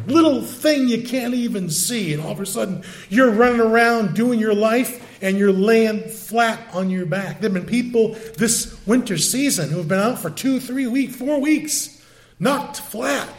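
A man in his sixties preaching a sermon in a conversational way, full of rhetorical questions and asides. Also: sits high. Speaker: pastor.

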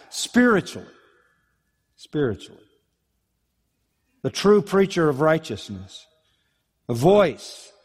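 A man preaching an expository sermon, earnest and emphatic, sometimes acting out the lines he quotes. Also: a little high. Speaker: pastor. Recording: long reverb of a large hall.

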